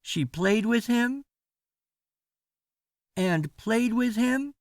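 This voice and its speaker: A man with a high, very lively voice reads a children's bedtime story slowly and expressively. His delivery is sing-song and unhurried. The sound is very dry and close. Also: dry recording. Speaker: parent reading a bedtime story. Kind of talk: children's storybook read-aloud.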